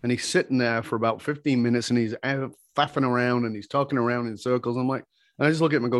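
A man speaks as an interview guest, a communication skills teacher recounting his experiences. His delivery is animated and emphatic, climbing into excited peaks as he retells exchanges. His voice sits in a middle pitch, recorded close and dry with almost no room sound. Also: quick pace, no echo. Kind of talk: animated personal storytelling in conversation.

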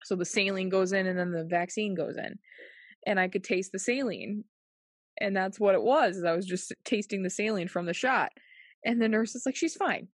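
Animated, laughing woman telling a story. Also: moderate pace, no echo, studio quality. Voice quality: frequent fillers like "like" and "um". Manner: animated, laughs often, acts out quotes in a higher voice. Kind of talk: casual storytelling chat.

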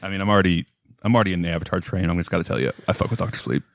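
A man's voice: low-pitched, expressive, rapid-fire, vocal fry, no echo, studio quality. A man on a movie podcast panel in casual chat, blunt and profane.

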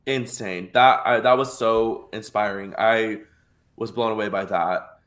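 A man's voice: fairly low pitch, steady tone, a little slow, fairly bright tone. A man co-hosting a podcast, chatting casually and gushing with enthusiasm while reviewing a show. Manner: gushing and enthusiastic, with many fillers and restarts. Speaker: podcast co-host.

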